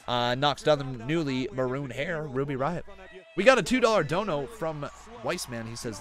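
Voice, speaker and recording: Excitable man streaming wrestling reactions. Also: medium pitch, brisk. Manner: chatty, excitable, reads donations aloud. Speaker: live stream host. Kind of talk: live wrestling reaction commentary.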